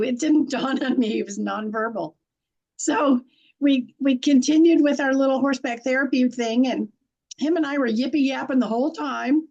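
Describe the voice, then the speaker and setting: A middle-aged woman with a high voice tells stories in a blunt, folksy manner. She laughs easily and speaks in an unpolished, chatty way. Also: moderate pace, a little mellow, dull audio. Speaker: guest, intuitive and animal communicator. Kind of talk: conversational storytelling.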